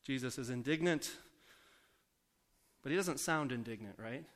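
Man preaching a conversational sermon. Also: mid-range voice. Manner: conversational, asks the congregation questions; slows down and softens for scripture quotes.

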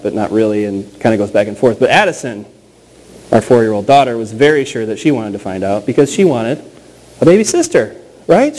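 A pastor in his thirties preaching a sermon in a conversational, storytelling way, slowing down and repeating key phrases for emphasis. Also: medium pitch, a little mellow, rough recording.

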